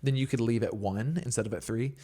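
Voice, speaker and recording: A man's voice: medium pitch, fast. Young man rambling through a casual chat. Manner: rambling, filler-heavy, animated storytelling. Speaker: guest songwriter and worship leader. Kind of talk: casual podcast interview.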